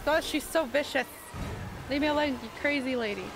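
A woman's voice: high voice, brisk, over music. A woman streamer giving chatty live commentary while she plays, swearing and panicking in frantic bursts.

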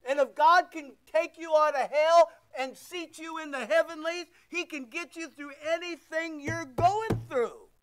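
A man's voice: very high voice, steady tone, a little slow, hardly any pauses, a bit bright. A man preaching a sermon as pastor, emphatic and rhetorical, repeating his phrases.

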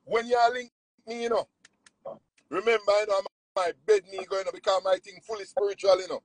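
A Jamaican man, a nutritionist, telling spiritual stories in a casual, preachy, animated way. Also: fairly quick, poor audio. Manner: animated, preachy, swings pitch widely.

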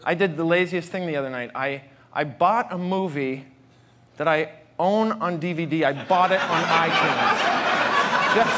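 A man from Boston doing a stand-up comedy set on a stage mic, full of stammering restarts, mock indignation and slow, deliberate punchlines. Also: fairly high pitch, very noisy. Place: comedy stage before a live audience. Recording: live stage mic with crowd laughter.

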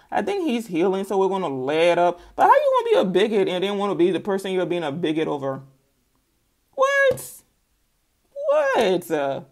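Brief: a sassy tarot reader, lively and chatty, laughing through her reading. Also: fairly low pitch. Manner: sassy, animated, laughs often. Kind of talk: casual spoken tarot reading.

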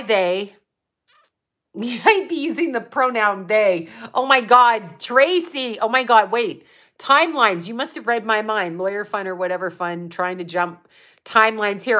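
A woman hosting a casual livestream answers chat comments, reading them aloud while she rambles and curses. She's from the Buffalo area of the US, and her fairly high voice comes across as bright and forceful.

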